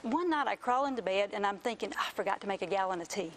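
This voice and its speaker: A woman, a mother telling an emotional personal story as an interview guest, earnest and animated. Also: medium pitch, quick pace, slight background noise. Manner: earnest, animated retelling with quoted voices.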